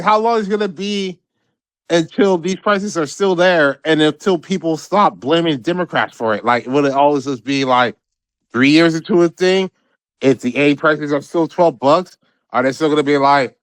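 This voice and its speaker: A man with a high voice rants about the news as a podcast co-host. His talk is profane and rambling, full of repeated words, and his voice sounds close and dry. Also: moderate pace, clean tone, dry recording. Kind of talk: casual political commentary.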